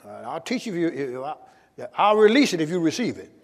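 A man's voice: on the high side, big pitch swings, quick pace, in a large hall. A male pastor preaching a sermon with emphatic call-and-response to his congregation, in a church sanctuary.

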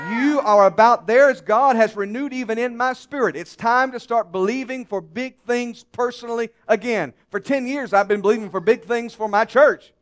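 A male pastor preaching a sermon to his congregation, swinging between hushed, confiding lines and loud, emphatic calls. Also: extremely high pitch, normal speed, few pauses. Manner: dramatic, swings from hushed to shouting.

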